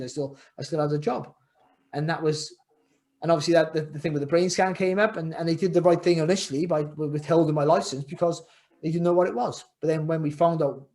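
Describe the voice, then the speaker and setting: Here a man's slightly high, somewhat mellow voice belongs to a middle-aged ex-boxer and former world champion. Interviewed on a podcast, he reflects on his life in a rambling way, frequently repeating himself and starting sentences over.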